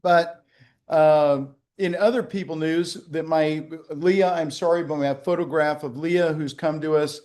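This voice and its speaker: Man on a video call, fairly high voice, rambling, joking, lots of ums. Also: fairly even intonation, unhurried, darkish tone. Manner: rambling, joking, many fillers and restarts. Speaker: winery executive hosting a tasting. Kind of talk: casual virtual tasting chat. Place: winery.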